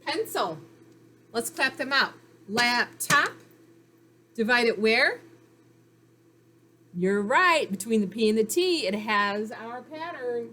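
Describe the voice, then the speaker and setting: Woman, middle-aged, teacher, slow clear encouraging delivery, slightly high pitch, faint background noise. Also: lively intonation, bright, forceful tone. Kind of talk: recorded phonics lesson for children.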